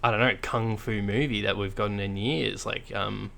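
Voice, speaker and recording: A man with a fairly low voice co-hosts a casual podcast chat. He talks in a blunt, dry, sarcastic way and swears freely. He rambles, often restarting his sentences and filling gaps with ums and likes. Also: fairly even intonation, moderate pace, vocal fry, fairly bright tone. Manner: rambling and hesitant, full of fillers and restarts. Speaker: podcast co-host.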